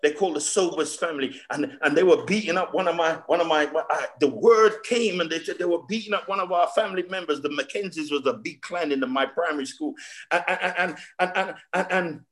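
A man preaching a fervent sermon to his congregation, stammering through restarts and drawing out key phrases slowly for emphasis. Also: fairly high pitch, fairly bright tone. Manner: addresses the congregation as saints.

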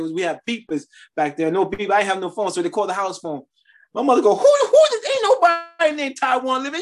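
Husky, emphatic middle-aged male preacher. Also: a little high. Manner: emphatic, storytelling, repeats phrases. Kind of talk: sermon with personal testimony.

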